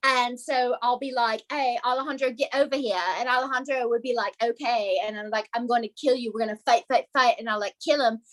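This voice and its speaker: A woman's voice: a little high, steady tone, brisk, hardly any pauses. Woman doing a rambly celeb bit at an improv show, lots of um and like. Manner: rambling, filler-heavy, put-on celebrity voice. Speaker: improv performer. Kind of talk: improvised comic monologue.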